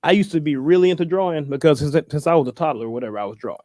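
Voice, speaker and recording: A man's voice: a little high, expressive, rapid-fire, dark tone, no echo, clean studio sound. A man chatting casually as a guest, laid-back and rambling, with plenty of fillers. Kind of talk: casual chat.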